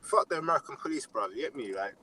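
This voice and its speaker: With crowd noise behind him on a low-quality recording, a young Londoner talks fast at medium pitch, animatedly telling stories on a casual podcast and packing in slang fillers.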